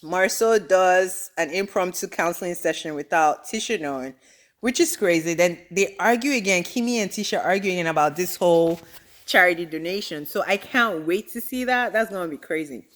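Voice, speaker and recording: A young adult woman giving a casual reality TV recap, animated, exasperated and full of slang. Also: on the low side, normal speed.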